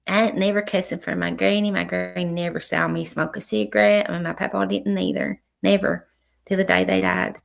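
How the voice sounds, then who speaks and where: A woman's voice: lowish voice, fairly even intonation, vocal fry. A middle-aged woman chatting frankly with viewers on a livestream, often restarting her sentences. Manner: frank, cusses freely, halting restarts. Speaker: livestream host. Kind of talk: casual livestream chat with viewers.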